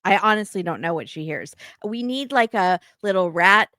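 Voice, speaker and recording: A woman with a mid-pitched voice trading sarcastic remarks as co-host of a reality TV chat. She sounds dry and close to the mic, with no room echo. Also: lively intonation, moderate pace, sharp tone, clean tone. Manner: wry, sarcastic commentary. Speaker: podcast co-host. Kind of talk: casual chat recapping reality TV.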